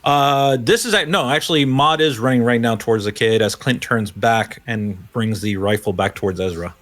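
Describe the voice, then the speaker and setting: A man's voice: medium pitch, moderate pace, a bit bright. A man narrating a tabletop role-playing game as game master, steadily describing the scene to the players.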